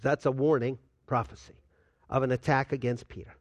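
An older man preaching a sermon as a pastor, swinging between loud and hushed delivery and acting out quoted dialogue. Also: medium pitch, steady tone, brisk, no echo. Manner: acts out dialogue with God in quoted voices.

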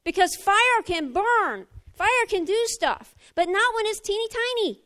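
A middle-aged woman preaching a sermon, animated, swinging from emphatic fire down to quiet talk. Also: measured pace. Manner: animated, rising to emphatic fire then dropping low.

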